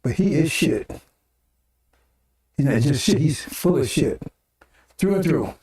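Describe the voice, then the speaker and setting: A man's voice: a little high, expressive, unhurried, a little mellow, recorded from a distance. Older guy preaching off the cuff, keeps saying right? and see?, echoey room, sounds a ways off from the mic. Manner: rhetorical, repeats phrases, tags "right?" and "see?". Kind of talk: informal sermon broadcast.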